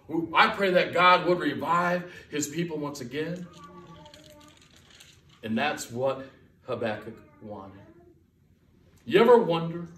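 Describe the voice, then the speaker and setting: A guest pastor delivers a sermon in a church sanctuary, emphatic and folksy, repeating key lines for weight. His voice is mid-range with a sharp tone, recorded from far off in an echoey church with slight background noise.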